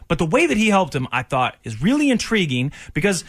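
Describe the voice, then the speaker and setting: A man co-hosting a radio show, telling stories in animated, joking banter. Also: on the high side, quick pace.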